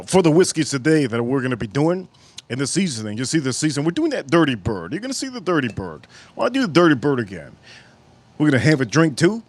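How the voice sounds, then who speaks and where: There's no echo as a man with a mid-range voice hosts his live cooking and whiskey stream. Jokey and rambling, he drifts onto tangents while he reads messages from viewers and thanks them.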